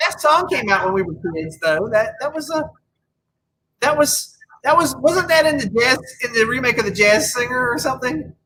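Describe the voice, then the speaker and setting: A man with a bright, forceful voice rambles through casual podcast chat, stacking up opinions and tripping over his own restarts. A faint noise sits under the recording. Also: extremely high pitch, animated, normal speed, rough recording. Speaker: podcast co-host.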